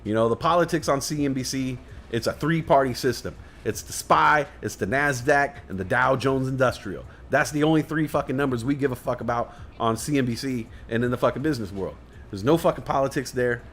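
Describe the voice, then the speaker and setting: Dude on his stream going off, swearing every other word, repeating himself for emphasis, rambling, average pitch. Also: brisk, a bit bright, slight background noise. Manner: heavy swearing, emphatic repetition; loose, digressive, chuckles at his own jokes. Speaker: livestream host. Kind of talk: casual rambling rant.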